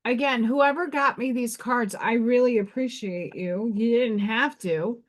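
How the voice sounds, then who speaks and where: A woman's voice: on the high side, measured pace. A woman with a Staten Island accent hosting a casual live stream, talking frankly, swearing casually and often restarting her sentences. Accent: Staten Island, New York. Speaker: live stream host and oracle card reader.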